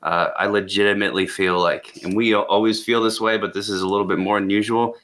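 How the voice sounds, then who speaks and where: A man's voice: fairly low pitch, fairly even intonation, quick pace, fairly bright tone. A man co-hosting an education-tech podcast, talking about tools in an eager, enthusiastic way with many repeated words. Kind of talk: casual podcast chat.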